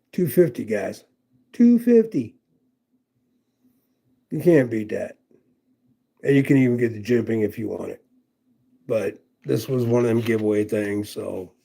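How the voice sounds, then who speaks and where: Gravelly casual knife-review streamer man. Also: fairly low pitch, warm tone. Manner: rambling, profane, chatty with viewers. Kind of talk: casual livestream chat.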